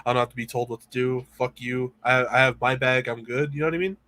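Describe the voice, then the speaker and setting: A man co-hosting a casual chat podcast, talking in a loose, profane way at a middling pitch. His delivery is unhurried and conversational. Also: steady tone, bright, forceful tone. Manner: laid-back, profane banter. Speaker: podcast co-host.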